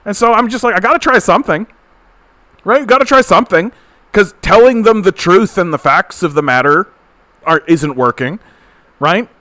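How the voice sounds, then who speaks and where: A man's voice: high voice, moderate pace, sharp tone, no room sound. A Canadian man hosting a political commentary livestream, ranting in a blunt, profane, exasperated way.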